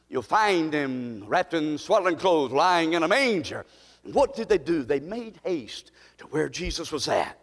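Male preacher, fervent pulpit delivery, high voice, long hall reverb. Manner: impassioned preaching that climbs to near-shouting peaks. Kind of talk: sermon.

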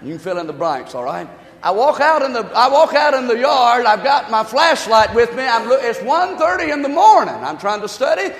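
Very high-voiced preacher in reverb. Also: male voice, big pitch swings, fairly quick. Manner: folksy storytelling with asides to the congregation; fervent, often shouting. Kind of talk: sermon. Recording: reverberant hall.

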